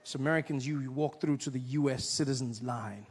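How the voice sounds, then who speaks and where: A man performing stand-up comedy on stage, telling a story in an animated way and acting out other people's voices. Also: medium pitch, a little fast, slightly rough. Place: on stage before a live audience.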